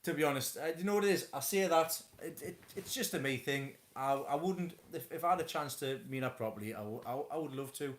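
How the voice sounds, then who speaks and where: A man's voice: a little high, brisk, hardly any pauses, slight background noise. A man hosting a casual live chat from home, rambling with many stammered restarts. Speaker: host of a live stream.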